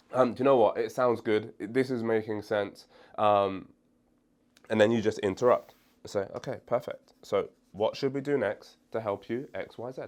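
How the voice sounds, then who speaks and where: A young man teaches sales techniques in an upbeat, animated way. He switches between his own voice and short acted replies from a prospect, laughing now and then. His pitch sits in a middle range. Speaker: sales coach. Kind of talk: energetic sales training.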